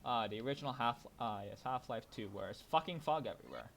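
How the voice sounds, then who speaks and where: A young man co-hosts a podcast while gaming, chatting casually, rambling and swearing, restarting often and bursting out loudly when he rants. His medium-pitched voice is gravelly and animated, and he talks fast over slight background noise.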